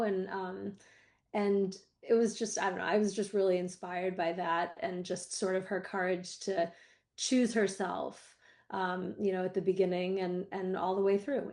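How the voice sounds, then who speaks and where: A woman's voice: mid-range voice, darkish tone. A woman screenwriter appearing as a podcast guest, speaking reflectively and meandering, with many fillers. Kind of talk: casual interview chat.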